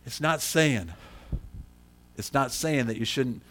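A man's voice: mid-range voice, slow pace, a bit bright, a little hiss or hum. Middle-aged guy preaching a sermon, talks like he's chatting, calls out people in the pews. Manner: conversational, calls on people by name. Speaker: pastor.

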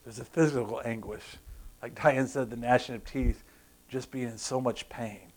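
A man preaching a sermon, animated, asking the congregation questions and acting out sounds. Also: mid-range voice, normal speed. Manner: animated, acts out groans and crowd sounds, asks the congregation questions. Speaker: pastor.

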